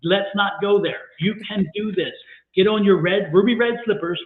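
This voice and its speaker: A man's voice: high-pitched, moderate pace. A man giving live tarot readings on a stream, talking energetically and coaxing viewers with lots of repetition. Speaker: tarot reader and co-host. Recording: echoey room over a tinny phone-like line.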